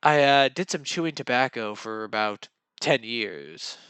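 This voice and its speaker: A man's voice: lowish voice, big pitch swings, unhurried, a bit bright, clear, resonant tone, no room sound. A young man telling casual dating stories in a rambling, self-mocking way, acting out what people said. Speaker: vlogger. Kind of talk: casual storytelling monologue.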